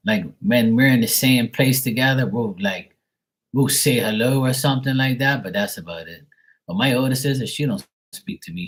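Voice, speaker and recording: Blunt, profane man in casual chat; deep and husky. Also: low-quality recording.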